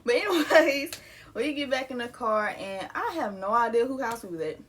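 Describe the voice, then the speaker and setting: Slangy young woman with a higher voice. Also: expressive, moderate pace, fairly bright tone, slight background noise. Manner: candid, slangy, swears, laughs often. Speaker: vlogger. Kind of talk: casual storytime.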